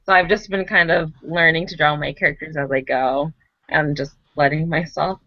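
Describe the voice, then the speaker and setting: A woman's voice: low-pitched, fairly even intonation, moderate pace, dry recording, muffled recording. A woman animator on an online panel, hesitant and giggly, with many "like"s. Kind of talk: casual online panel chat.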